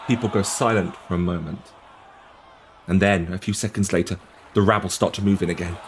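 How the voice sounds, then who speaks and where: A man's voice: low-pitched, fairly even intonation, brisk, a little hiss or hum. A man narrating a tabletop game as game master, with vivid description.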